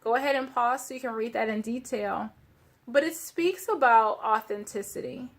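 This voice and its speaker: A woman doing a casual card reading for her viewers, gentle and searching, with many fillers and restarts. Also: on the high side, moderate pace. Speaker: tarot card reader.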